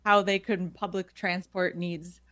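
A woman's voice: fairly low pitch, little pitch movement, measured pace, a bit bright, no room sound. Laughing, friendly female radio guest. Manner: friendly, laughs often, informal fillers. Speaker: program manager guest. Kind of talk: casual radio interview.

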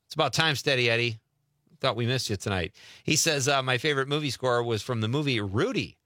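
A man's voice: mid-range voice, brisk, bright, forceful tone, no room sound, clean studio sound. A middle-aged man from Wisconsin hosting a call-in radio show, chatting casually and laughing often as he reads out listener messages.

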